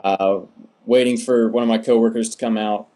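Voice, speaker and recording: A young man from the United States, an interview guest, telling his story in a relaxed, rambling way with many fillers. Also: on the low side, normal speed. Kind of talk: casual storytelling.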